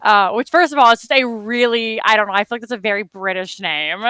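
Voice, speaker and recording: A woman's voice: a little high, fairly quick, pushed and bright, clean tone, no echo. A woman co-hosting a reaction video, telling rambling stories in casual chat and correcting herself as she goes. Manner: rambling, self-correcting storyteller. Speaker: co-host.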